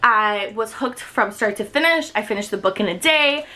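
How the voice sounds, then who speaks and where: A woman in her twenties chatting excitedly to camera about books she loves, with lots of fillers. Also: medium pitch, moderate pace, faint music behind, rough recording. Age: 20s. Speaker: book vlogger. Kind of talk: casual chat to camera.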